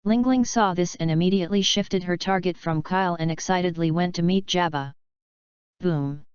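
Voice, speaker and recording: A woman narrating an action story in a steady, even storytelling manner. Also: on the low side, normal speed, clean tone, no echo. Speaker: audiobook narrator. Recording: dry, slightly dull lo-fi sound.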